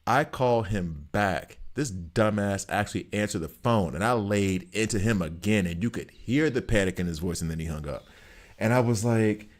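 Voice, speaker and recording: A man streaming a game, chatting casually and telling stories in an animated, emphatic way. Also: low-pitched, normal speed, few pauses. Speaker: gaming streamer.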